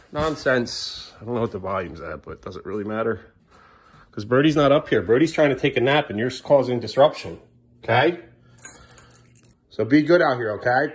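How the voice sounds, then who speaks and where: Man, thirties, dad at home, casual family vlog, coaxing, playful asides, medium pitch. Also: fairly bright tone, slightly rough. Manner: coaxing and playful with small children, muttering asides. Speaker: father filming his kids.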